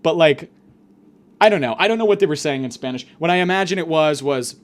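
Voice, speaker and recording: Animated rambling male comic storyteller. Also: on the high side, a little fast. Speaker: podcast host.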